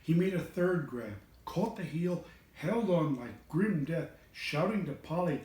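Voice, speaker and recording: A man reading a children's storybook aloud in an expressive voice, changing voices for the characters. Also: a little high, unhurried, recorded from a distance. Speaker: reader of children's books. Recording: echoey room, away from the mic.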